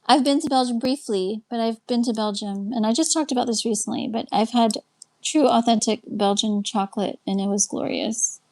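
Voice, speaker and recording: A woman's voice: a little high, moderate pace, darkish tone. A Texan woman hosting a casual live stream, chatting and greeting viewers as she answers their comments one by one. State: winding down, a little tired. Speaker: live stream host and life coach. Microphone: webcam.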